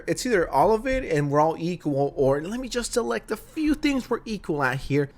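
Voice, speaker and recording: A young man commenting on a clip in a casual, cutting way. His voice sits a little high for a man. He swears freely and mocks what he has just watched. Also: lively intonation, fast talker, few pauses. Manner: blunt, profane, mocking. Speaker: reaction video host.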